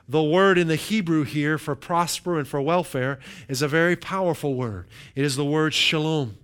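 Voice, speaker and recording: A man delivering a sermon with a smooth, resonant voice pitched a little high. He leans on key words, slowing down for emphasis and tossing out "right?" to the congregation. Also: a bit bright. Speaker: preacher.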